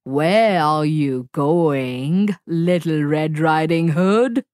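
A sly, growling big bad wolf from a storybook, as a woman reading aloud puts him on. He talks slowly and low, with a menacing drawl, in a dry close recording. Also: darkish tone, smooth, no echo.

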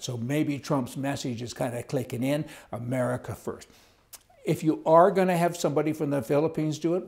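A man's voice: medium pitch, creaky, darkish tone. A man giving a blunt, rambling, opinionated monologue as a political commentator. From Canada. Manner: blunt, rambling, chuckles at his own points.

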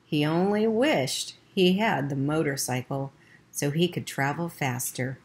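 Low-voiced woman reading a children's book. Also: unhurried, slight background noise. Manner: plain reading with small slips. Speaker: audiobook reader. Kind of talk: amateur audiobook narration.

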